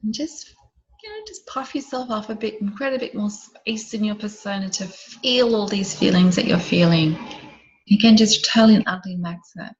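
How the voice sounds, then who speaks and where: Woman softly guiding a visualization, lo-fi. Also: mid-range voice, lively intonation, normal speed. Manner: gentle guiding questions, often dropping soft and quiet. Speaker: program facilitator. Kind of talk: online group session with guided visualization.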